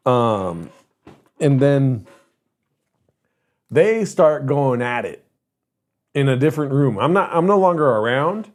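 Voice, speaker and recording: A man's voice: medium pitch, animated, unhurried, pauses often, a little mellow. A man in his thirties, a streamer host, telling a story to his live chat in a rambling, profane way. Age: 30s. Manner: rambling, profane, self-interrupting.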